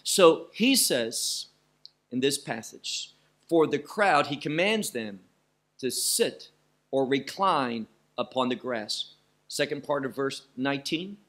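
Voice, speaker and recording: A man teaching through a Bible passage verse by verse, preaching emphatically and stressing single words with pauses. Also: medium pitch, lively intonation, fairly bright tone.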